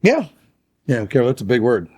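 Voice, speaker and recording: A man's voice: mid-range voice, wildly swooping pitch, fairly quick, a little mellow, breathy edge. Chatty male podcast co-host. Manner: chatty, laughs often, filler-heavy. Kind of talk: casual chat.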